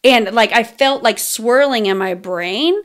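A woman's voice: on the high side, a little slow. A woman hosting a podcast, telling a personal story in casual chat, candid and swearing freely with lots of fillers. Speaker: podcast host.

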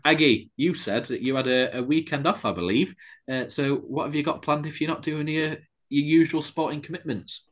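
A man's voice: on the high side, normal speed, fairly bright tone. A man hosting a casual sports podcast, rambling through stats and restarting his sentences. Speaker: podcast host.

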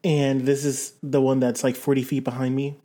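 A player in a tabletop game, chatty and halting, often restarting sentences. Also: mid-range voice, level tone, warm tone.

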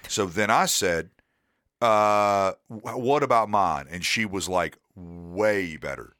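Male podcast co-host, rambling self-deprecating storyteller, bright voice, dry close mic. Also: lowish voice, slow, dry recording. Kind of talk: casual podcast chat.

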